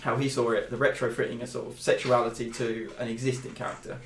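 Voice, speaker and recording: A man's voice: medium pitch, little pitch movement, quick pace, a little hiss or hum. A man co-hosting a casual podcast, rambling with lots of hesitations. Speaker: podcast co-host. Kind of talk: casual chat. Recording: echoey room.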